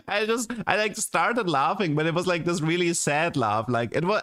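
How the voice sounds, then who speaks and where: A game streamer rants casually and with exasperation during a livestream, his talk full of restarts and "like". His voice is a little high, expressive and fairly bright, at a moderate pace with few pauses.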